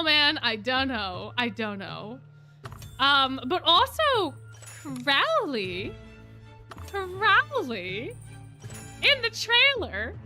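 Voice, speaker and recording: Excitable high-voiced young woman streamer. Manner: excitable, repeats herself, gushing fan talk. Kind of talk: casual reaction chat. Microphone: desk mic.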